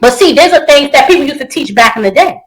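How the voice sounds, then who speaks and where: A woman's voice: high-pitched, lively intonation, fast talker, low-quality recording. A woman co-hosting a casual podcast, blunt and profane, acting out quotes as she talks. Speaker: podcast co-host. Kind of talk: casual chat.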